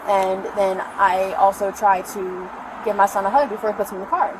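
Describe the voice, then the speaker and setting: An arrested mother talks a little fast to police outside near a store parking lot, her medium-pitched voice fairly even as she breathlessly rambles through events. The noisy outdoor audio comes from a body camera.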